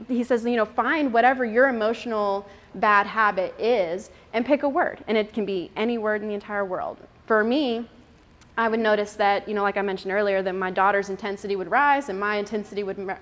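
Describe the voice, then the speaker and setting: A young woman giving a casual, chatty talk to a mothers' group, laughing often and using many fillers. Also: medium pitch.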